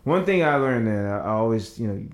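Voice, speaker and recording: A man from Virginia on a casual podcast, talking in an animated, profane but earnest way. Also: lowish voice, brisk, roomy sound. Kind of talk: casual chat.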